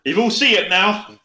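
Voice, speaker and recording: A man's voice: high voice, bright, forceful tone. A man on a casual podcast, ranting about gym annoyances with lots of swearing and acted-out voices. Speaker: podcast co-host. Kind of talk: casual chat. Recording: roomy echo.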